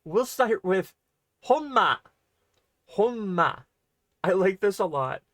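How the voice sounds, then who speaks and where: A man teaching an online language lesson in a casual, chatty way. His voice sits a bit high, and it springs up on the example words he highlights. The recording is dry and close, with no room echo. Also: normal speed. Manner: chatty, explanatory, with lively pitch jumps on example words.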